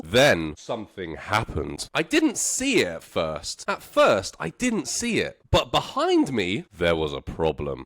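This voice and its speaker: A man tells a story for learners, repeating phrases slowly and playfully. His pitch swings widely from high to low, and he sounds animated throughout. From London. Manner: slow, repetitive, playful and animated with laughs. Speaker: English teacher.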